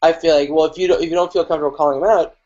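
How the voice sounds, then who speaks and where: A man with a fairly high voice talks about teaching improv, animated and quick with profane asides. His audio sounds muffled and lo-fi, as over a video call. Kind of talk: casual panel chat.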